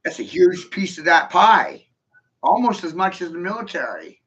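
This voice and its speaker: Brash male vlogger, bright forceful voice, swears freely, slightly high pitch, lo-fi sound. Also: big pitch swings, normal speed. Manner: provocative, laughing often, swearing. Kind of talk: rambling profane monologue.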